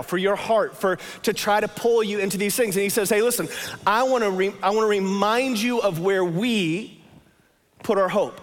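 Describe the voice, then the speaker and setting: Male pastor, high voice, conversational sermon, long hall reverb. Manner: conversational, emphatic, repeats phrases.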